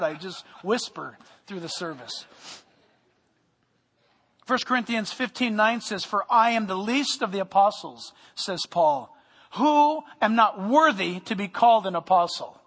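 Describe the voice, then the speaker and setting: Male pastor, high bright tone, humorous energetic sermon, long church-hall reverb. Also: moderate pace. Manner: animated preaching with humor, sometimes loud. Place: church sanctuary.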